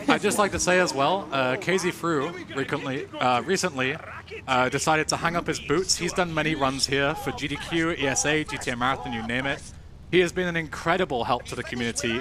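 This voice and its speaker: An English man commentating his own speedrun at a live charity marathon, relaxed and chatty with lots of fillers. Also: mid-range voice. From England.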